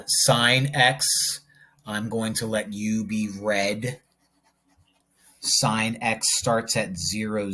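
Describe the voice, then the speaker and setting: A male math teacher with a slightly husky voice works through problems in an unhurried way. He talks through each step as he draws graphs and drops in little jokes along the way. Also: lowish voice, bright, forceful tone. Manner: jokey, talks to himself while working problems. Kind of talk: video lesson while drawing graphs.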